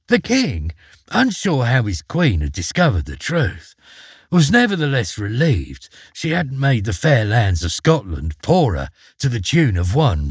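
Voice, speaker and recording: A man narrating a fairy tale with dramatic, expressive delivery. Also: medium pitch, breathy edge, no room sound, studio quality. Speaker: storyteller. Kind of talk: storybook narration.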